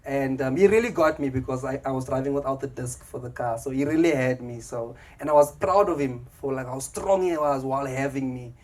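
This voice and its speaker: Speaking briskly at a medium pitch, this South African stand-up comic hardly pauses, his tone a little mellow. He chats with the crowd at a comedy club and voices the characters in his stories, drawing audience laughter.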